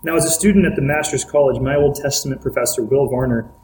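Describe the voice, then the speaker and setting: A man's voice: medium pitch, fast, a little mellow, a little hiss or hum. A man preaching a sermon as pastor, earnest and direct, putting questions to his listeners. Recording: roomy echo.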